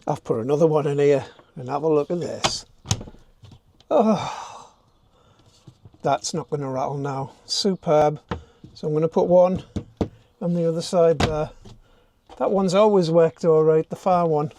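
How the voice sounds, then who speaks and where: A man's voice: fairly high pitch, normal speed, noisy background. An older man, vlogging casually to a handheld camera as he works inside a camper van, self-mocking and thinking aloud. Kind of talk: casual DIY vlog talk to camera.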